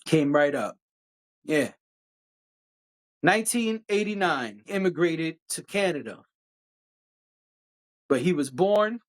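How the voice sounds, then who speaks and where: A man's voice: a little high, a bit bright. A man hosting a solo podcast rant, sarcastic and exasperated, swearing freely and firing off rhetorical questions. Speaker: podcast host.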